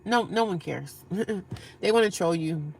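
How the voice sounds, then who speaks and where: A woman livestreaming, reading and answering chat comments in a blunt, profane, animated way and laughing often. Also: on the low side, a little slow, gravelly, a little hiss or hum.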